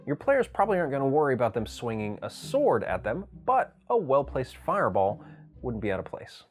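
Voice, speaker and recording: A man's voice: medium pitch, darkish tone. A man hosting a tutorial, explaining voice acting techniques with enthusiasm. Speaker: channel host teaching voice acting.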